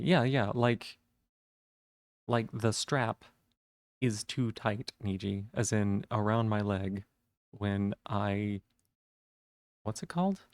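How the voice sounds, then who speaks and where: A man's voice: lowish voice, a little mellow, no room sound. A man chatting casually on a live stream, rambling with lots of fillers and restarts.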